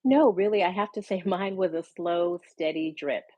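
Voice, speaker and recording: Low-voiced reflective woman, dry sound. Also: no echo, muffled recording. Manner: reflective, unhurried storytelling. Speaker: podcast guest and hypnosis practitioner. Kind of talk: casual conversational interview.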